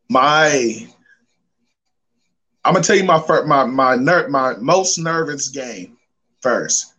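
A man telling stories as a podcast guest, animated and slangy in casual chat. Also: medium pitch, low-quality recording.

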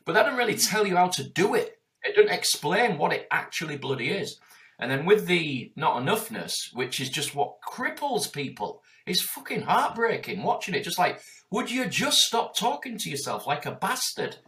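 A man's voice: sits high, moderate pace. Profane, fired-up man in his forties. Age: 40s. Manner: profane, emphatic, animated. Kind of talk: passionate conversational talk.

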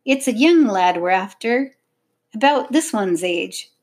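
A woman's voice: mid-range voice, expressive, unhurried, a little mellow. A woman voicing a brusque, wheezing male police constable in an audiobook. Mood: stern. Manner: brusque, working-class speech. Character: wheezing London police constable, gruff man.

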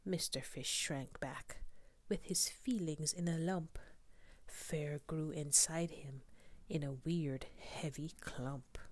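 A woman reading a children's picture book aloud, soft and often whispered, asking the listener questions. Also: deep voice, slow, no echo. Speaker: storybook reader.

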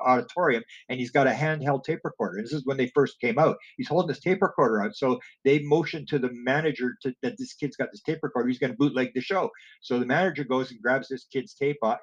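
A man's voice: mid-range voice, dull audio. A man telling long rambling stories in an interview, acting out the exchanges he quotes, with frequent restarts. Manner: digressive storyteller, acts out quoted exchanges, many restarts. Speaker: guest telling stories about music and alien experiencers. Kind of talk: rambling anecdotal interview talk.

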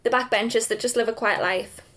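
Softly spoken podcast host woman. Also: on the high side, steady tone, a little fast. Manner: supportive listener, short agreements, thoughtful remarks. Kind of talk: casual podcast chat.

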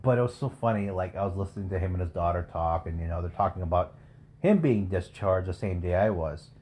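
Male podcast co-host, lowish voice, crude and profane, casual. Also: fast talker, darkish tone. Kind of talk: casual chat.

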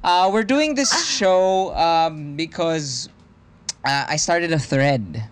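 A man's voice: a little high, animated, takes it slowly, no room sound. Rambling man co-hosting a podcast. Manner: rambling, hesitant, mixes in Tagalog fillers. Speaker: podcast co-host. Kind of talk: casual chat.

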